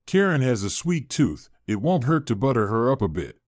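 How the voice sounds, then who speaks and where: A man's voice: mid-range voice, big pitch swings, normal speed, no echo, studio quality, natural voice. A man voicing a huge, strong and kind forest man who speaks encouragingly, in a storybook reading. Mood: earnest. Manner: warm, encouraging. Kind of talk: storybook narration.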